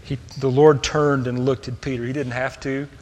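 A man's voice: medium pitch, level tone, moderate pace. Man preaching with hall reverb. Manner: earnest, swings from soft and hushed to raised and emphatic. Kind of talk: sermon.

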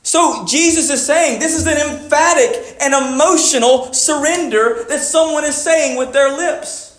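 A man as pastor, preaching a sermon, moving between low measured passages and emphatic raised lines. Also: a bit bright, reverberant.

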